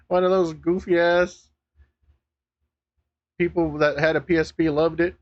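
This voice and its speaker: A man streaming live, chatting casually to viewers, laughing often, swearing and getting excitable. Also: fairly high pitch, slow pace, lo-fi sound.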